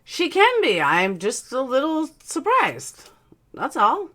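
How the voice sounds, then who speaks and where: Her voice is high, pushed and bright, swooping wildly in pitch at a slow pace. She hosts a casual live stream, bluntly chatting and reading out comments, with a slight aligner-caused lisp.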